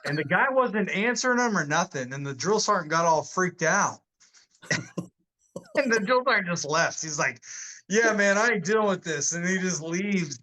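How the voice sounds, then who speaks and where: Rambling, bright-voiced man in his forties. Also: sits high, expressive, normal speed, poor audio. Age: 40s. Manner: loose, rambling, laughs often, many fillers. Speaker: podcast guest, army veteran. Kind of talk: casual storytelling chat.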